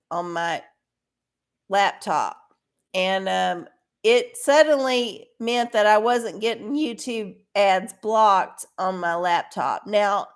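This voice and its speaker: A woman hosting a livestream, chatting casually to her viewers in a profane, ranting way. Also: mid-range voice. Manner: talks to viewers directly. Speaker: livestream host.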